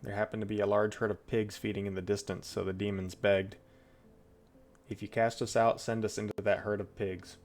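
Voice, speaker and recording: A man's voice: lowish voice, little pitch movement, brisk, darkish tone. A man streaming, reading Bible passages aloud and breaking off into chatty, loose asides. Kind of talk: casual Bible reading with commentary.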